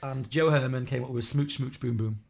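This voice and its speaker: A man hosting a casual podcast, chatty and quick, reading out listener suggestions with a laugh here and there. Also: medium pitch, fairly even intonation, creaky, a little mellow. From Liverpool area of England. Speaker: podcast host.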